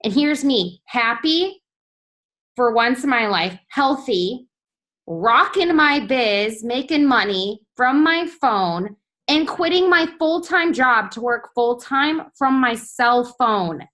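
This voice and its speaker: A woman in her twenties with a fairly high voice speaks in an earnest, soft-spoken way during a motivational team talk. She encourages listeners steadily, keeping an even, heartfelt tone. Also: takes it slowly. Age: 20s.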